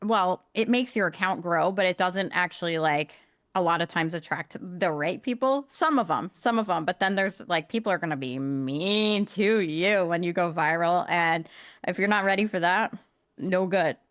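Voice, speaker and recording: A woman co-hosting a podcast who talks in a flat, self-described monotone with a casual, blunt manner and some mild swearing. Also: lowish voice, moderate pace, no echo, clean studio sound. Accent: accent others comment on, likened to a nasal New York voice. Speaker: podcast co-host, social media marketer. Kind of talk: casual chat.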